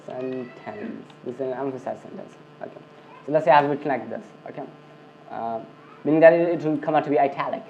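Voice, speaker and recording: A coding tutor records a screencast lesson in a fast, gravelly, mid-range voice. He fills his talk with "okay" and "I mean" and often restarts sentences. The lo-fi recording is dull, with a little hiss or hum.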